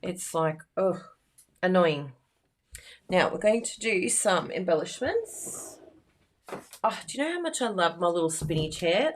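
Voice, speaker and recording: A woman's voice: on the low side, lively intonation, normal speed, a bit bright. A woman demonstrating card making who chats in a rambling, casual way with lots of fillers and frequent laughs. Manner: laughs often. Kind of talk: casual chat during a crafting demo.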